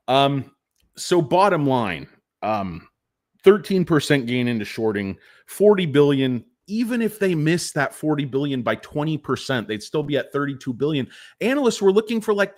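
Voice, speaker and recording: A man's voice: mid-range voice, very animated, normal speed. A man giving casual stock market commentary, rambling, joking and swearing as he goes. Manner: rambling, jokey, profane.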